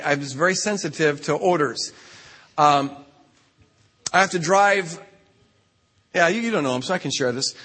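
A man with a fairly high, pushed and bright voice shares a humorous story at a retreat, often stammering and restarting. The recording carries a long hall reverb.

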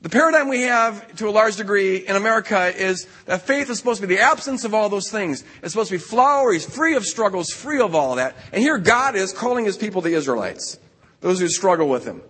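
Male retreat speaker, high and bright, animated sermon delivery, husky edge. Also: a little fast, long reverb tail. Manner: animated, acts out quoted voices. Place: retreat camp hall.

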